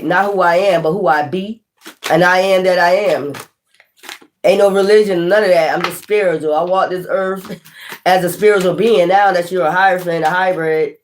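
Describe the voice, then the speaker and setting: In a mid-range voice over a little hiss or hum, a tarot reader rambles through an informal spiritual monologue. Excitable and preachy, the speaker swears a lot, laughs, and keeps restarting.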